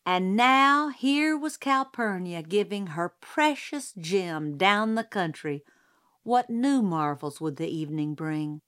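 Woman audiobook narrator, slow and deliberate, mid pitch. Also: lively intonation, a bit bright, clean tone.

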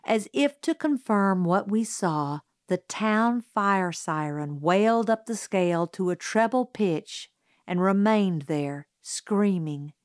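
A woman narrating a novel in the first person, slow and unhurried, on a close studio mic. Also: medium pitch, lively intonation, darkish tone, no room sound. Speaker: audiobook narrator.

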